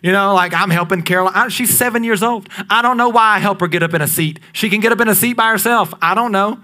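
A pastor in his thirties preaches with a high, forceful voice. He rises to loud emphatic bursts, then drops to hushed, drawn-out lines. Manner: dynamic preaching, swings between loud peaks and near-whispers. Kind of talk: sermon.

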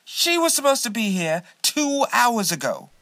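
An actor playing a foul-mouthed bossy wardrobe head. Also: male voice, very high-pitched, sing-song, measured pace, pushed and bright, full character voice. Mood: angry. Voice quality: abrasive, swearing.

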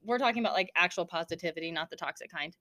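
A young woman co-hosting a podcast in casual chat, dramatic and quick to swear while reading trivia aloud. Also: lowish voice, pushed and bright. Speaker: podcast co-host.

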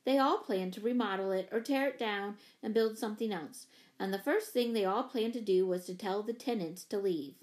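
A woman narrating a children's novel in a clear, even storybook reading. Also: medium pitch, moderate pace, few pauses. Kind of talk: scripted narration.

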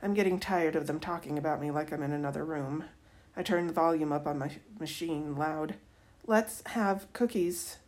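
A woman, a teacher, reading a novel aloud in an expressive first-person voice. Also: sits low, brisk.

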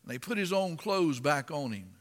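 A man preaching a sermon and reading scripture aloud, impassioned and dramatic, rising to loud emphasis. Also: on the high side, big pitch swings, normal speed, long reverb tail.

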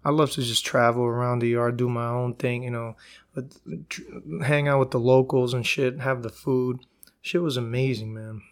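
A man's voice: mid-range voice, fairly even intonation, moderate pace. A man hosting a solo podcast, telling stories in a profane, rambling way. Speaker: podcast host. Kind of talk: casual solo podcast monologue.

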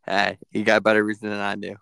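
Young male co-host, low gravelly voice, dry and unhurried. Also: completely flat delivery, pushed and bright, no echo. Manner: laid-back, short replies, dry teasing. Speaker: podcast co-host. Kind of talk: casual sports chat.

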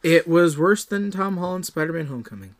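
A man's voice: a little high, animated, brisk. A man co-hosting a film podcast in a casual review chat, often hesitant, restarting sentences and acting out his reactions.

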